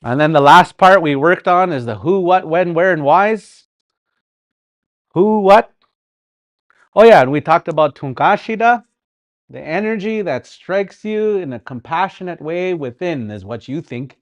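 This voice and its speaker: Guy teaching a language class live, slow and easygoing, a bit high voice, keeps repeating words and asking the class stuff. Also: animated. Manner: slow, repetitive, with sounded-out words and rhetorical questions.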